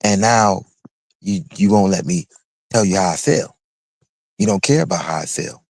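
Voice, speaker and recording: On his own livestream, a low-voiced man delivers a heated commentary rant, confrontational and mocking, repeating his phrases. He talks at normal speed in a sing-song way with vocal fry and long pauses. The recording is dry and close, with no room sound.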